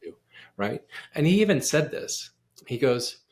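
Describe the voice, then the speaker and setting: Gravelly-voiced man telling an animated story. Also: medium pitch, a little slow. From United States. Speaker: guest pianist and composer. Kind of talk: storytelling in a casual interview.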